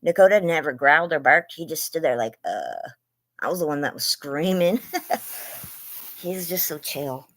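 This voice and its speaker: A livestream host chats and rambles from her bed at home, greeting viewers by name with gushing hellos over her phone. Her voice sits low and a bit bright at normal speed, with a little hiss or hum in the audio. It sounds increasingly worn as she says she's losing her voice and her lungs are hurting.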